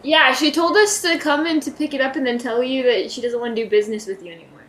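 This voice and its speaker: A woman playing a tabletop game, asking quick questions casually. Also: high-pitched, fairly even intonation, fairly bright tone, slight background noise. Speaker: player. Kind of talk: casual chat. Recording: roomy echo.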